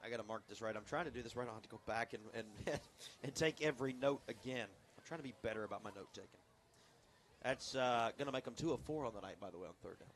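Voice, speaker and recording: A man doing play-by-play for a local high school football game on radio, lively and chatty, joking at himself between plays. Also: fast, a little hiss or hum. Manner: lively, chatty, self-deprecating. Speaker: play-by-play announcer.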